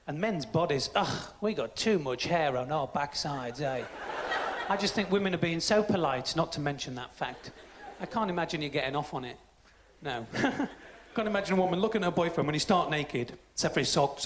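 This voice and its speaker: On a large theatre stage, a British stand-up comedian with a slightly high voice performs a crude, cheeky set, acting out voices. The roomy live recording carries background noise and the audience's laughter.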